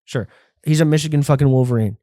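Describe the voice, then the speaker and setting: A young man hosting a podcast, ranting in a profane, rambling and animated way. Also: medium pitch, quick pace, no room sound, studio quality. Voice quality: sounds like a white guy, by his own account. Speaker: podcast host. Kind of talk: casual rant.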